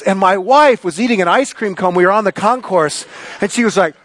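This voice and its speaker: Middle-aged man, pastor, high voice, dry close sound, animated sermon delivery. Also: fairly quick, no echo. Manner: animated storyteller, gets loud and excited. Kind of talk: sermon with a personal story.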